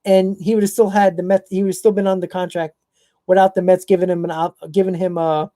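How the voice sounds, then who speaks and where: A man's voice: sits high, flat delivery, a little fast, mellow, no room sound. A man hosting a casual fan live stream, blunt and opinionated, talking to chat viewers by name.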